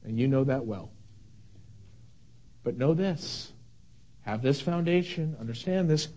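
A man preaching a sermon with emphatic repetition, dropping to a hushed near-whisper and rising to fervent shouts. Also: mid-range voice, expressive, a little slow. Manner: emphatic, repeats key words. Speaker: pastor; father of young sons.

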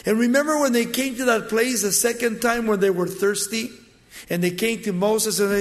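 A man preaching a sermon, telling the story dramatically and moving between loud and hushed delivery. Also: high-pitched, steady tone, normal speed. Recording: long hall reverb.

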